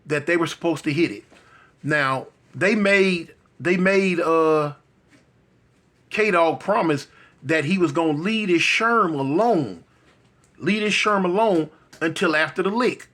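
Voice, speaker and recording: A man spins a long tale in a relaxed, conversational voice, sitting somewhat high for a man. He keeps checking in with his listener as he goes. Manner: loose, conversational, frequent asides to the listener. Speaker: storyteller. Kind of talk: casual street storytelling.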